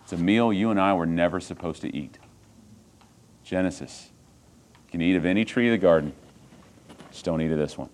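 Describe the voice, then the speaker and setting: Deep-voiced man preaching with emphasis. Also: fairly quick, pauses often. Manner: emphatic preaching that swings from hushed to loud, with rhetorical questions. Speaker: pastor. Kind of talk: sermon.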